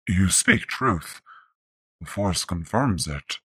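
A woman voicing a grave, solemn male alien Jedi master in a fan fiction audiobook, speaking slowly. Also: very deep voice, big pitch swings, fairly bright tone, no echo, pitched below the performer's own voice, full character voice.

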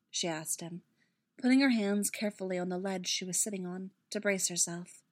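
Woman narrator, expressive dramatic storytelling, mid-pitched voice. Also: normal speed. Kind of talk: storybook reading of fan fiction.

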